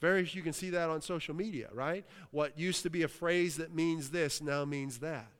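A Western Pennsylvania pastor preaches at normal speed in a smooth, resonant voice a bit high for a man. Between points he exclaims hallelujah and keeps asking the room whether it's with him, his words ringing with a large hall's long reverb.

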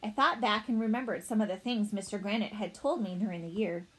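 A woman narrating a children's storybook in a playful, animated way as a young boy narrator. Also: mid-range voice, fairly quick, breathy edge, low-quality recording. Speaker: audiobook narrator.

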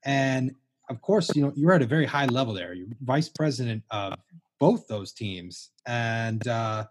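A young man from outside Washington D.C. hosting a relaxed interview, easygoing and quick to laugh. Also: mid-range voice. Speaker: podcast host. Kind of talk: conversational interview.

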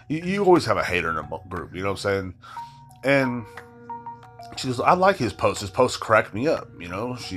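Deep-voiced man swearing through a ramble. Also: a bit bright. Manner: rambling, heavy swearing, frequent filler asides. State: tired. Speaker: podcast host. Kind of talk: casual storytelling monologue.

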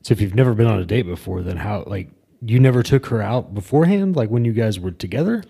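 A man's voice: fairly low pitch, lively intonation, fast talker, vocal fry, dark tone, breathy edge. A man co-hosting a comedy podcast as the skeptical straight man with dry replies. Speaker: podcast co-host.

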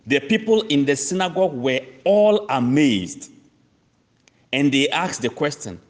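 Male preacher, slightly high, very animated pitch, emphatic repetition, sermon cadence. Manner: slow, emphatic, repeats key phrases; addresses listeners as friends. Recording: long reverb of a large hall.

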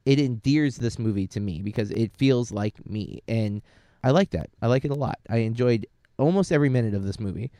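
A young man, a teacher, chatting casually about a movie in an animated, sarcastic way, acting out quotes as he goes. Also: medium pitch, brisk, no room sound, studio quality. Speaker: co-host reviewing a movie. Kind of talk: casual chat.

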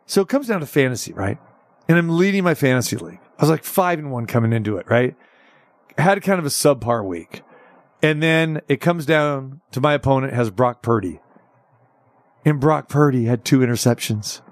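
A man hosting a sports talk radio show, telling stories in an animated, excitable way with stammered restarts. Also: mid-range voice, moderate pace, no echo, clean studio sound.

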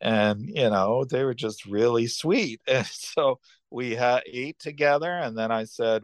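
Older man, rambling storyteller, dry close sound, average pitch. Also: unhurried, dry recording. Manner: rambling, many restarts and asides. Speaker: podcast host. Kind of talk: casual storytelling.

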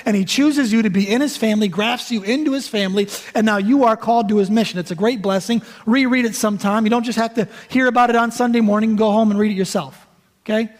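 A man's voice: sits high, fast. A man in his thirties preaching a sermon as a guest pastor, casual and joking with the congregation. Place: church sanctuary. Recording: long hall reverb.

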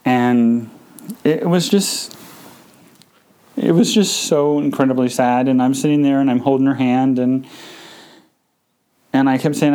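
A man tells a personal story on his podcast, his voice dark and mellow with a smooth, clean tone. He speaks haltingly, stopping and restarting and leaning on fillers, and his delivery is subdued and emotional. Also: medium pitch, low-quality recording. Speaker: podcast host.

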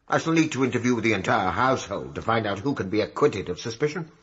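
An actor playing a dry, measured male police inspector in a vintage radio drama, clipped and understated. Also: fairly low pitch, expressive, fairly bright tone, slightly rough, heavily acted. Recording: dull old radio recording with faint hiss.

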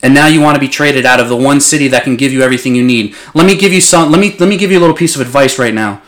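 A man's voice: medium pitch, very fast, a bit bright. A young man in casual sports talk as a podcast co-host, passionate and blunt, swearing freely.

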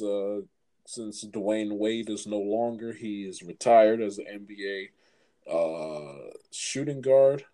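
A man hosting a casual sports chat, halting and repeating words as he asks his guest for opinions. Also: mid-range voice, dark tone, rough recording. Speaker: host.

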